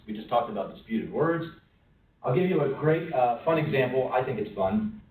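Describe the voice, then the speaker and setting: A man's voice: mid-range voice, moderate pace. Man lecturing in a roomy space. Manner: questioning, lively, acts out quoted voices. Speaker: speaker at a lunch-and-learn talk. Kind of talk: conversational presentation to an audience. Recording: roomy, from a distance, faint room noise.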